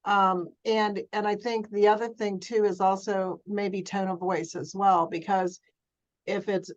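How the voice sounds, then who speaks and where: A woman speaks at a middle pitch, asking careful questions as a group participant. Her voice comes through a slightly dull, muffled recording. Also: flat delivery, unhurried. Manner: thoughtful, questioning.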